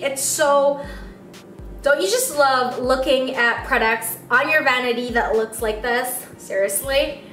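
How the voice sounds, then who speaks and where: A young woman with a squeaky voice, chatting excitedly as a beauty vlogger unboxing products in a casual vlog. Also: takes it slowly. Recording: roomy sound, mic at a distance, faint music.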